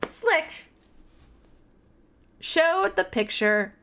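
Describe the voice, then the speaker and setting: A woman's voice: high-pitched, sing-song, drawn-out words, bright, forceful tone. A young adult woman vlogger giving a casual book recap in a chatty, rambling, profane way with many fillers.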